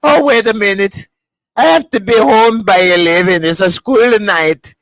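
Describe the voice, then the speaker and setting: Guy putting on a high prissy nerdy young dude, all flustered, dry close sound. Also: measured pace, a bit bright, dry recording, poor audio. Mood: flustered, prim. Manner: high, fussy and proper, repeats "quite lovely". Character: prim, flustered nerdy young man, easily excited.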